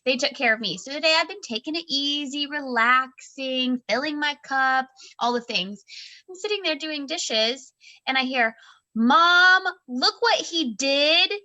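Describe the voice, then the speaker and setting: High bright-voiced woman in her 30s, chatty and animated, storytelling on a book club show. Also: moderate pace. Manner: animated, expressive, acts out quoted voices. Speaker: book club podcast co-host. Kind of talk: casual storytelling chat.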